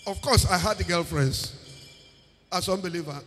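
A man's voice: sits high, normal speed, fairly bright tone, a little hiss or hum. A man with a Nigerian accent preaching a sermon, emphatic, repeating phrases and singing out words, slipping into Pidgin. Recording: long reverb of a large hall.

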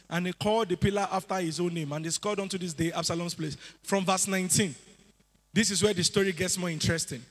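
A man preaching a sermon to a church, animated and sing-song, at times rising to shouts. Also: sits high, fast. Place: church hall. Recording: echoey hall with music behind.

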